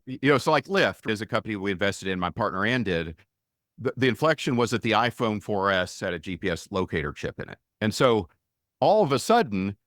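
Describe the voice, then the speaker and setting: A middle-aged man, a venture investor and author, explaining his ideas in an energetic, conversational interview. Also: lowish voice, no room sound, studio quality. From United States. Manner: energetic, conversational, frequent restarts.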